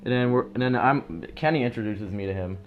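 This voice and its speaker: A teenage boy casually telling a long, rambling story, full of fillers, who jumps into loud, high voices when quoting others. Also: fairly quick, phone-quality sound, faint music behind.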